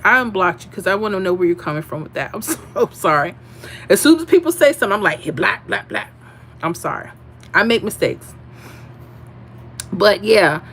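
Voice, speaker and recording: A woman's voice: medium pitch, slight background noise. A woman hosting a casual livestream, chatting sassily and telling stories while reading viewer comments. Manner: sassy, animated storyteller. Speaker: livestream host.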